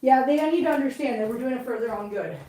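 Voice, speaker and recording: A woman's voice: fairly high pitch, quick pace, reverberant, recorded from a distance, noisy background. A woman vlog host chatting casually as she cleans at home, rambling along and cooing to her cats. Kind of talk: casual chat while cleaning. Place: home, indoors.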